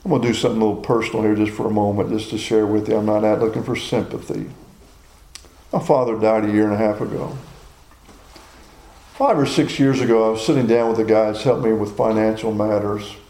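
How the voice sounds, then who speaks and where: A man's voice: on the low side, fairly even intonation, fairly quick, dark tone, roomy sound, low-quality recording. A man in his sixties preaching a sermon in a folksy, personal storytelling way. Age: 60s.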